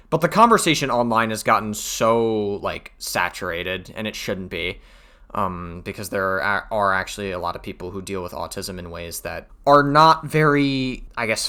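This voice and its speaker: A man giving casual reaction commentary, rambling with many fillers and swinging from loud outbursts to quiet mumbles. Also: fairly low pitch. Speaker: commentary streamer reacting to allegations.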